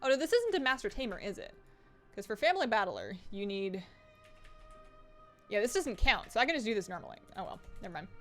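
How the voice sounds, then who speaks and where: A woman's voice: medium pitch, sing-song, fairly quick, pauses often, soft background music. A woman hosting a casual live stream from home while gaming, chatty and rambling with frequent laughs, her sentences restarting. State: slightly out of breath.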